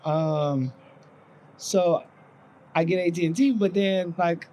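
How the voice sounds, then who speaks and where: A man's voice: a little high, takes it slowly, slight background noise, poor audio. A man in his forties, a podcast co-host, telling a long, profane story in casual chat. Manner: profane, animated storyteller acting out voices.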